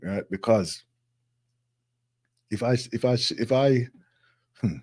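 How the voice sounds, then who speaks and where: A man's voice: mid-range voice, takes it slowly, a little mellow, breathy edge. A man co-hosting a radio show, speaking hesitantly and repeating himself.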